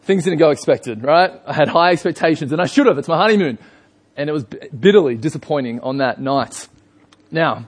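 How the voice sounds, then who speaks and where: A man's voice: fairly high pitch, lively intonation, fairly quick. Young Australian man preaching, chatty. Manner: chatty storytelling with frequent fillers. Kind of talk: sermon.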